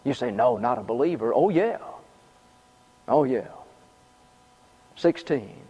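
A man's voice: medium pitch, lively intonation, slow pace, dark tone, husky. A man preaching a sermon in a conversational way, repeating his points and adding casual asides. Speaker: pastor. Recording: dull lo-fi sound with long reverb.

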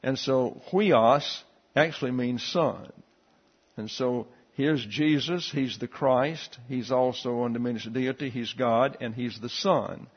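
A man teaching a Bible class, explaining Greek letters and a verse in a steady, explanatory way with frequent fillers. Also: medium pitch, takes it slowly, breathy edge, highs cut off.

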